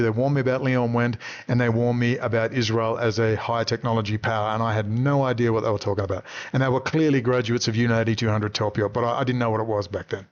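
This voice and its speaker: A man's voice: mid-range voice, lo-fi sound. An Australian man in his fifties who rambles casually through stories, swearing freely and chuckling at his own anecdotes. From Western Australia. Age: 50s. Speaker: commentator. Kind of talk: rambling monologue.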